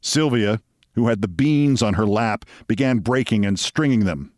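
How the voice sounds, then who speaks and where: A man hosting, giving a measured, wry reading of a short crime story aloud. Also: lowish voice, animated, darkish tone, no room sound, clean studio sound.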